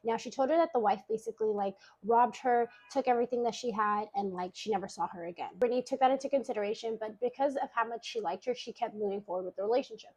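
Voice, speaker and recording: A woman's voice: a little high, fast talker, hardly any pauses, darkish tone, low-quality recording. A woman casually retelling a story in a chatty gossip manner, full of filler words. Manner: chatty gossip retelling, lots of "like" and acted quotes. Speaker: storytime narrator.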